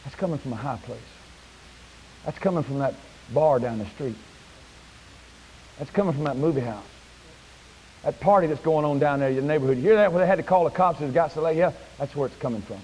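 A man preaching a sermon in a church, folksy and plain-spoken, climbing to high shouted peaks. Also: a little fast, long pauses, a little hiss or hum, poor audio. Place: church sanctuary.

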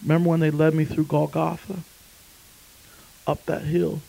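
A man preacher voicing Jesus, calm and earnest, speaking low and hushed. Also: moderate pace, creaky, poor audio. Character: Jesus, pleading calmly before a judge, male.

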